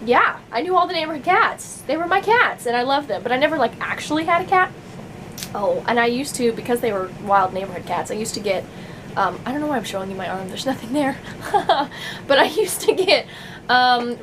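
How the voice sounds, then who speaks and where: A woman's voice: on the high side, noisy background. A young adult woman vlogging in casual chat to camera, rambling with many fillers and frequent laughs.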